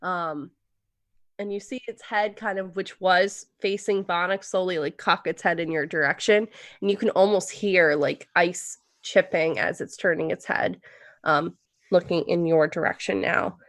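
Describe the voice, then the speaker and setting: A woman game master narrating a tabletop game in a casual, relaxed way, with plenty of fillers. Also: on the low side, moderate pace, no echo, clean studio sound.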